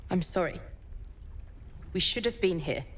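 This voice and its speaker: A woman's voice: on the low side, animated, unhurried, breathy edge. An actress playing an earnest young woman who apologizes to her brother in a game.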